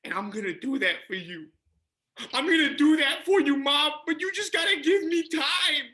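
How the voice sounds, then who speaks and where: A woman playing a grown child who pleads with his mother to let him make music, emotional and excitable, in an improv comedy scene. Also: mid-range voice, moderate pace, roomy sound. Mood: pleading.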